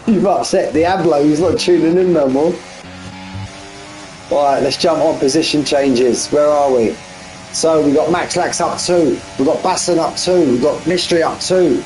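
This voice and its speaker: A man's voice: fairly high pitch, normal speed, darkish tone, faint music behind, rough recording. A young man giving chatty, joking live commentary on an online sim race. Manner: chatty, jokey banter with drivers.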